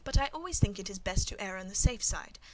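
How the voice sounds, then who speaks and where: A woman reading the part of a guarded middle-aged female servant who speaks with calm, demure composure. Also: mid-range voice, fast talker, close to an everyday voice, poor audio. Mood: lecturing. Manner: calm, demure, matter-of-fact.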